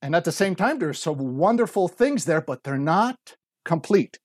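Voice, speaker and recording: A man in his 40s appears as a podcast guest in casual interview talk, earnestly telling his story and acting out quoted speech. His voice is fairly high, very animated and a little mellow, at normal speed, recorded at studio quality with no room sound.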